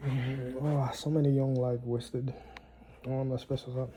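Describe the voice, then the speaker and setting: A man rambling in a solo monologue, profane and halting, often repeating and restarting words, with low muttering and sighs. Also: level tone, noisy background.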